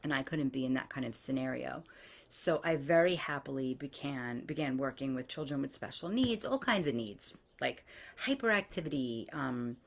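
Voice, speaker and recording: A woman with a deep, low-pitched voice speaks in a relaxed, unscripted monologue as a coach talking to her audience. She is blunt and candid and swears without hesitation. She brings her stories to life by acting out the people in them. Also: normal speed, gravelly. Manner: lively, animates quoted voices. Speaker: spiritual coach. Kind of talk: casual storytelling monologue.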